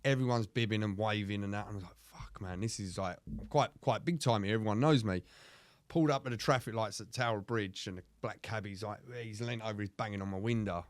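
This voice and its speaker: A man with an Essex accent tells a rowdy story on a podcast, swearing freely and laughing at himself. His voice sits low and the sound is close and dry. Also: quick pace, dry recording. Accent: Essex English. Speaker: podcast co-host. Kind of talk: casual storytelling chat.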